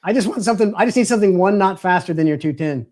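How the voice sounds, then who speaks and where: A man with a fairly high voice hosts a casual live stream over a video call. He jokes with his guests and laughs often. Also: expressive, rapid-fire, darkish tone. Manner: friendly, joking, laughs often. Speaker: livestream host.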